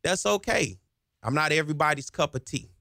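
A man's voice: a little high, lively intonation, a little fast, creaky, pushed and bright, no room sound, clean studio sound. Passionate, fired-up male radio host. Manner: passionate, gets himself hyped up as he talks. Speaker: radio talk show host. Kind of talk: energetic talk radio monologue. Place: radio studio. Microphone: studio microphone.

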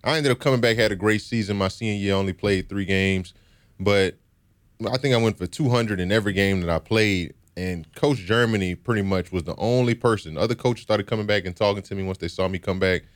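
A young former football player from Baton Rouge, Louisiana tells his story in an interview with a lowish, brisk voice. He sounds reflective and earnest and says "you know" a lot.

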